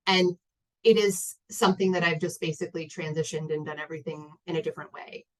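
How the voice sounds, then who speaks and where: A woman's voice: sits low, fairly even intonation, brisk, a bit bright, poor audio. A woman in her thirties telling a personal story to an audience, candid and rambling with many fillers and restarts. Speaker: guest speaker.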